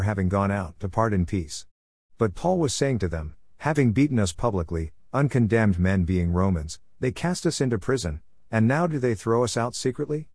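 A man with a low voice reads scripture aloud in a steady, measured way. The recording is dry and close, with no room sound. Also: no room sound. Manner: steady, measured reading cadence. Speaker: Bible reader.

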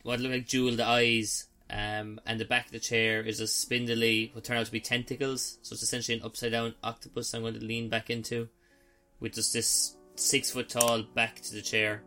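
A man's voice: medium pitch, little pitch movement, moderate pace, pushed and bright, soft background music. A man playing a tabletop game, chatty and joking as he describes his character's actions. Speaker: player.

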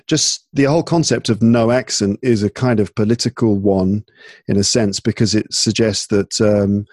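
A tired man from England with an English accent, chatting casually and talking in halting bursts full of restarts and fillers. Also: on the low side, steady tone, a little mellow, no room sound, clean studio sound. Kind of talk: casual chat. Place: home in Paris at night.

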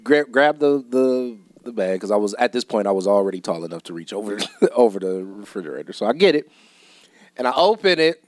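A man's voice: lowish voice, brisk, dry recording. A man co-hosting a podcast in a studio, chatting casually and telling stories with lots of laughter. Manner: animated storyteller, laughs often. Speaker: podcast co-host. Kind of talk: casual chat.

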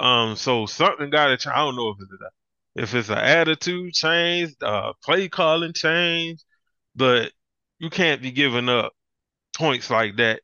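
A man co-hosting a sports podcast in casual chat, animated and ranting, often breaking into laughs. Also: medium pitch, no room sound. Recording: dull lo-fi dry sound.

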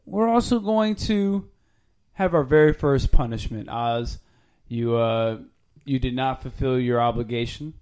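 A man's voice: medium pitch, unhurried, a little mellow, clean tone. A man hosting a podcast in casual chat, teasing his co-host and defending himself.

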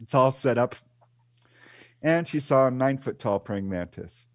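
A man guest on a talk show recounts a case in a relaxed, chatty way. He slips into little voices for the people he quotes. The recording is dry and close, with a middle-pitched voice. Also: moderate pace, no echo. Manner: animated retelling, acts out quoted voices. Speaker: guest author and UFO researcher. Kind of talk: casual storytelling interview.

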